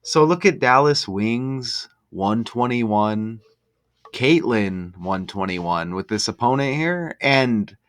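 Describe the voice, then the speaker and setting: Man host, unhurried, mid-pitch, thinking aloud over stats with bursts of wonder, home desk mic. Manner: slow, musing, excitable exclamations. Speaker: gematria sports commentator. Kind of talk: casual solo commentary over on-screen schedule.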